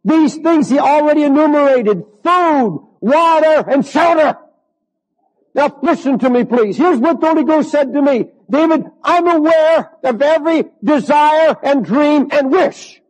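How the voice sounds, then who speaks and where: An older man preaching a sermon, fervent and slow, stretching his words and rising to shouts at the high points. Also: low-quality recording. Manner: slow, drawn-out emphasis. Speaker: pastor.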